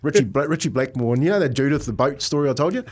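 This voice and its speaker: A man's voice: medium pitch, lively intonation, racing, darkish tone. A man co-hosting a radio show in a studio, telling golf anecdotes in casual chat and laughing often as he goes. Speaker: radio co-host.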